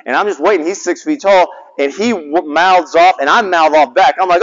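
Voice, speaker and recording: A man in his forties, a chaplain giving a sermon, telling a story with big swings between loud and soft. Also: on the high side, normal speed, few pauses. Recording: dull sound with long hall reverb.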